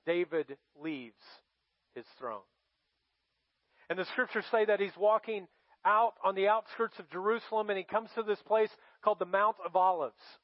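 A man's voice: high voice, normal speed, dry recording. A man preaching a sermon as pastor, telling the story in a dramatic, emphatic way. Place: church. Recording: dry, dull lo-fi sound.

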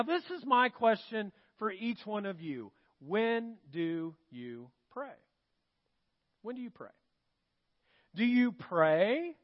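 A man preaching a sermon as pastor, animated and asking his congregation questions. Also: very high voice, dull audio. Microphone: handheld or stand mic that slips.

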